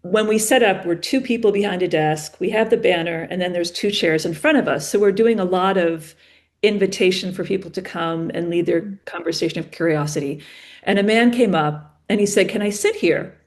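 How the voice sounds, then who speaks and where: Her voice is fairly low and quick as this female podcast guest spins casual conversational stories, performing the characters' lines with lively animation.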